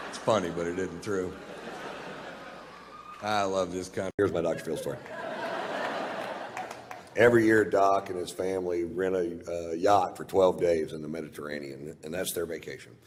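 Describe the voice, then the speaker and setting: A man's voice: deep voice, fairly even intonation, normal speed, pauses often. A male stand-up comedian telling a rambling, profane story on stage, speaking in a laid-back way into a handheld mic. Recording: reverberant hall, faint noise.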